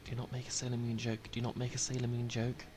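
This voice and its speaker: A man's voice: medium pitch, completely flat delivery, fast talker, background noise. A man streaming a game, reading its text aloud with dry, self-mocking asides.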